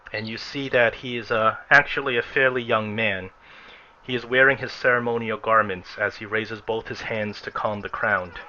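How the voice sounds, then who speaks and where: A man as game master, narrating a tabletop game in a descriptive way with frequent pauses. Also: lowish voice, bright, forceful tone, a little hiss or hum. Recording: lo-fi recording with faint music.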